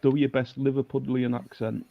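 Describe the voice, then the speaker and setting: A man joining a livestream as a guest, making quiet dry remarks. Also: mid-range voice, little pitch movement, normal speed, creaky, no echo. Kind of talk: casual chat. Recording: tinny, dry phone-like line.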